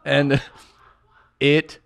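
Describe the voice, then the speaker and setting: A man's voice: fairly high pitch, completely flat delivery, very slow, creaky, a bit bright, dry recording. A man on a podcast, casually telling a long story, acting out other people's lines and laughing often. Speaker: podcast co-host and comedian.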